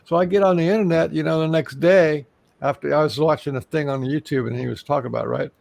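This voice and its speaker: A man's voice: a little high, fast, vocal fry, a little mellow, no room sound, low-quality recording. A man from Texas, a guest on an interview show, telling a long story in a casual, rambling way with many restarts. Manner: rambling, with frequent restarts and fillers.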